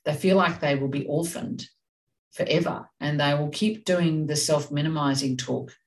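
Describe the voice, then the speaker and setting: A woman's voice: low voice, normal speed, far from the mic, poor audio. A woman co-hosting a parenting talk, speaking in a direct, passionate, emphatic way. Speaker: parenting podcast co-host. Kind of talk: casual discussion.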